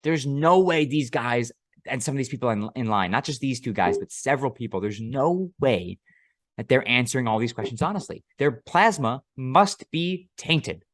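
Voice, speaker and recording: A podcast co-host tells a long, rambling, profane story in casual chat, laughing often. His medium-pitched voice is expressive and moderately paced, recorded in studio quality with no echo.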